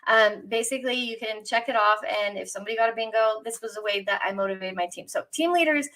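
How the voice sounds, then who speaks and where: Bright, upbeat woman presenter. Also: on the high side, quick pace. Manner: chatty, upbeat, with fillers and laughs. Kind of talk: conference session talk.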